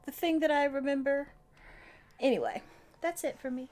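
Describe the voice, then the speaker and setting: A woman's voice: high-pitched, moderate pace, a little mellow. A woman playing a tabletop role-playing game over a voice call, giggly and hesitant as she describes her character. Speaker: player. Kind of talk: casual tabletop chat.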